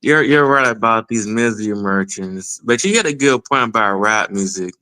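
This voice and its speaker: A man's voice: on the low side, lively intonation, moderate pace, bright, forceful tone. A man joining as a guest, chatting easily and agreeing, with a nostalgic streak. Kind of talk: casual chat.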